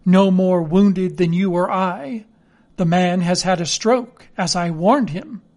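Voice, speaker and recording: A man gives voice to a stern country doctor in a read-aloud classic. He issues brisk commands and dismisses worry with unhurried authority. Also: sits high, darkish tone. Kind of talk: audiobook character voice.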